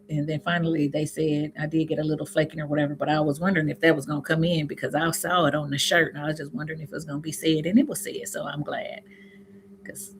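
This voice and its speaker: A woman's voice: deep voice, a little hiss or hum. A middle-aged woman from Indiana, with an Indiana accent and some Southern sayings, chatting in a rambling way with her viewers on a livestream and often laughing at herself. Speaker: natural hair YouTuber hosting a livestream. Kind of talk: casual livestream chat with viewers.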